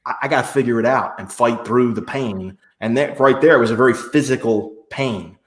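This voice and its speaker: A man in his forties talks as a guest on a podcast, spinning animated stories from his past. His pitch sits at an ordinary middle level for a man. The recording is roomy, with a clear echo around him. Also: normal speed. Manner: animated storyteller who acts out quotes in other voices. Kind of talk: conversational interview storytelling.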